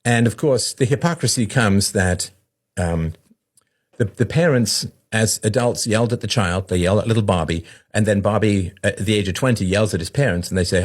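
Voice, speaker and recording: A low-voiced man talks through an idea in a long conversational monologue, the way a podcast host would. He keeps checking in with "right?" and briefly acts out the voices of the people he quotes. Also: moderate pace, slightly rough. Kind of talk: explanatory monologue.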